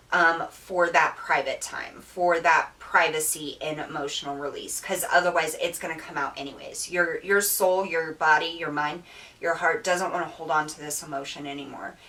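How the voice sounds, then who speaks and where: Woman tarot reader, emotional and earnest, lowish voice, repeats herself. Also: sharp tone, recorded from a distance, low-quality recording. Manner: earnest, repetitive, with many fillers and restarts. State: emotional, near tears. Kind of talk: spiritual tarot reading monologue.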